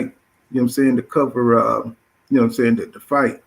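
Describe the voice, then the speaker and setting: Middle-aged male boxing host, loose and profane, mid-pitched, fillers in every sentence. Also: fairly even intonation, a little fast, creaky, rough recording. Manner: profane, filler-heavy, says "you know what I'm saying" constantly. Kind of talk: casual boxing talk.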